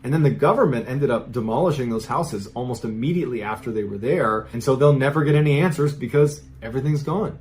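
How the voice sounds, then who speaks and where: A man's voice: mid-range voice, fast talker, hardly any pauses, a little mellow, a little hiss or hum. Male podcast host, casual storyteller, builds suspense in a conversational tone.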